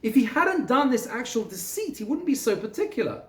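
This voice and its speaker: A man teaching a Torah class to a group, expressive, asking and answering his own questions and quoting Hebrew text. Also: very high voice, a little fast. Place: synagogue room. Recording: echoey room.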